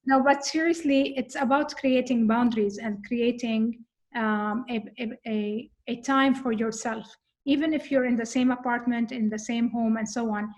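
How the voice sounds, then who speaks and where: Woman, slightly high voice, earnest, thoughtful, casual chat, filler pauses. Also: fairly even intonation. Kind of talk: casual conversation about coping with anxiety.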